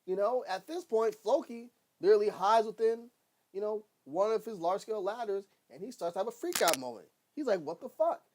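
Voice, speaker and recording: Excitable, swearing male TV reviewer. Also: high-pitched, fairly quick. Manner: excitable, rambling, swears often, laughs, acts out quotes. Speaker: TV episode reviewer. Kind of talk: casual recap with profanity.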